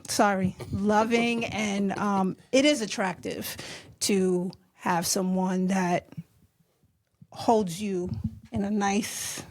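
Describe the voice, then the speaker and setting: A woman guest on a podcast, reflective, searching for her words with pauses. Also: medium pitch, background noise. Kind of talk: casual conversation.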